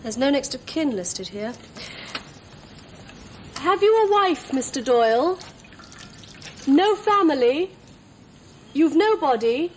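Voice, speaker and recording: An actress playing a hospital nurse who asks questions in a slow, deliberate way. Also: female voice, medium pitch, slight background noise, lightly acted, low-quality recording. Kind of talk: scripted TV drama acting.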